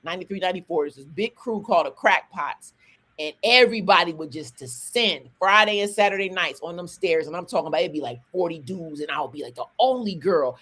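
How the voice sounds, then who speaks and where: A woman in her forties from the American South, a rapper talking as a guest in a casual interview. She tells stories in quick bursts, full of restarts and asides, in a neutral, non-regional accent. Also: on the low side, slightly rough. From Southern US, Atlanta. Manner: animated, talks fast in bursts with restarts.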